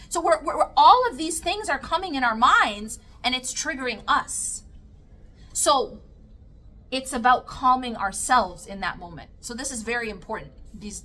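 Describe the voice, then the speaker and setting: A woman's voice: on the high side, pushed and bright, a little hiss or hum. A woman giving a lecture to a live audience, often checking in with the room by asking them questions. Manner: engaging, asks the audience frequent questions.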